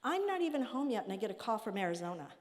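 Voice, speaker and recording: A middle-aged woman telling stories from her work to an audience, animated and acting out the people she quotes. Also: a little high, very fast. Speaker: nonprofit president speaking at a summit. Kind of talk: storytelling talk to an audience. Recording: long reverb of a hall.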